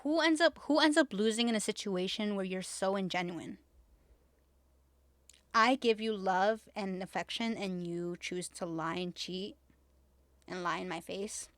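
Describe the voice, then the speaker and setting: A woman's voice: medium pitch, measured pace, a bit bright, dry recording. Blunt, emphatic woman podcaster. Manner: emphatic, repetitive, swears freely, fillers of "like". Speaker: podcast host. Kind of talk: casual chat.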